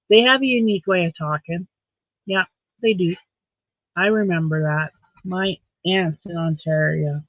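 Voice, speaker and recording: A Canadian man sits at home late at night, hosting a casual live stream and answering viewers one by one. His voice is high for a man and gravelly, and he takes his time. The sound is dry and thin, like a phone call. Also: no echo. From Saskatchewan, Canada. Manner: chatty, reads viewer comments aloud and answers them; talks to his dog between comments.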